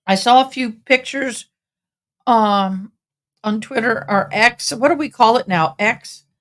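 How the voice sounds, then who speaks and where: A woman's voice: a little high, takes it slowly. A tired woman, chatting casually and rambling to viewers on a home livestream. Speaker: livestream host commenting on a trial.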